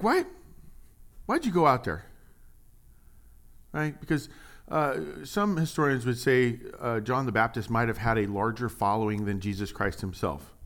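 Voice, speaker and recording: Animated joking male pastor. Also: lowish voice. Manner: animated, joking, swings from hushed to loud emphasis. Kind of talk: conversational sermon.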